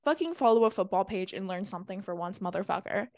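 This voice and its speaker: A woman's voice: medium pitch, lively intonation, fast talker, darkish tone, no room sound, studio quality. A young woman co-hosting a podcast, ranting bluntly and profanely in casual chat. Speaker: podcast co-host.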